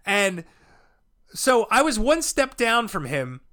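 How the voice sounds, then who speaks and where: A man, a comedian guest, telling a rowdy, profane story with animated delivery and sudden shouts. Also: high-pitched, takes it slowly. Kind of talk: storytelling chat.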